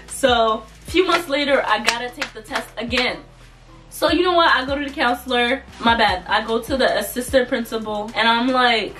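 Young woman, casual storytime vlog, animated, laughs a lot, distant mic, faint background music. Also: a little high, moderate pace. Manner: animated, chatty, laughs often. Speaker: vlogger.

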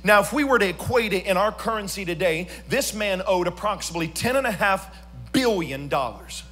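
A man preaching a church sermon as pastor, swinging from quiet storytelling to sung, shouted emphasis. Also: high-pitched, lively intonation, fairly quick, faint music behind.

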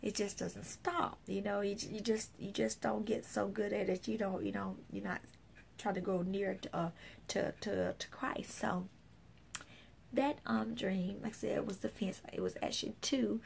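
A woman's voice: mid-range voice, steady tone, moderate pace, gravelly, darkish tone, a little hiss or hum. A woman minister telling a personal story in a casual, rambling way, full of fillers and restarts, often acting out what others said. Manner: acts out other people's remarks. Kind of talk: casual spoken testimony.

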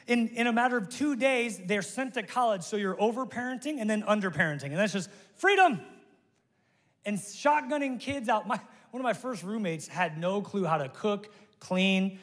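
A middle-aged man preaching a sermon as pastor, energetic and jokey, talking straight to his congregation. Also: high voice, moderate pace. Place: large church hall. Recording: long reverb of a large hall.

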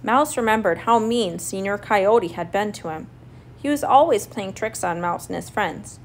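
A woman reading a children's story aloud in a clear, expressive, steady way. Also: medium pitch, moderate pace, slight background noise. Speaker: story reader.

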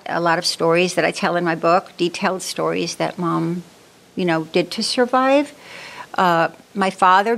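A woman's voice: on the low side, gravelly. A woman in her seventies, born in Germany and raised in New York, unhurriedly telling her life story as an interview guest. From born in Germany, raised in the Bronx, New York. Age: 70s.

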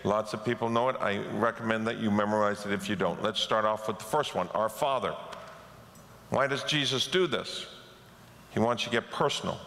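Gravelly-voiced pastor preaching in a hall. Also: male voice, on the low side, moderate pace, bright, forceful tone. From Canada. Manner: storytelling with acted-out quotes. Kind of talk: sermon. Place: church sanctuary. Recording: echoey church hall.

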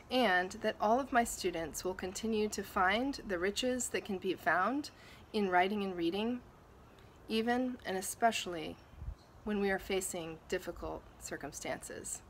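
A woman teacher reading a prepared award speech in a measured, deliberate way. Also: medium pitch, a bit bright, slight background noise.

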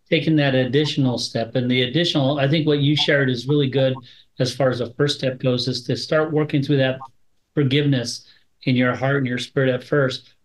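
A man who is a rabbi, teaching in a bible study in a measured, reassuring way with some restarts. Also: medium pitch, rough recording.

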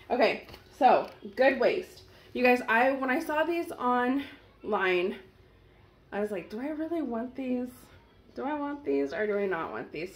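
A young woman vlogger chatting casually to her viewers as she tries on clothes at home, gushing and talking straight to camera. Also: on the high side. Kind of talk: casual try-on haul chat.

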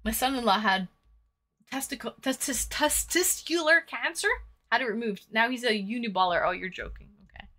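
With a brisk, slightly bright voice on the high side, this female streamer paints on camera, reads her chat aloud, makes crude jokes and chats casually.

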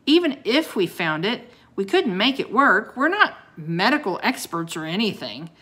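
A woman's voice: mid-range voice, sing-song, normal speed, pushed and bright, husky, voice pushed up, heavily acted. A woman voicing a curious, outspoken young girl who asks forthright questions.

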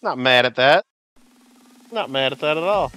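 Soft music plays behind a man hosting a casual game livestream, his mid-range voice bright, forceful and expressive at a moderate pace. Chatty and rambling, he replies to chat members by name.

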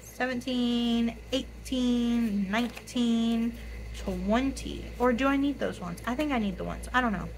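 A young woman with a raspy voice, tired and hoarse, talks casually to her viewers in a slightly high voice. She apologizes often and counts out bills aloud, with faint noise behind her. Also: measured pace, low-quality recording. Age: 20s. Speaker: budgeting YouTuber. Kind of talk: casual chat to camera.

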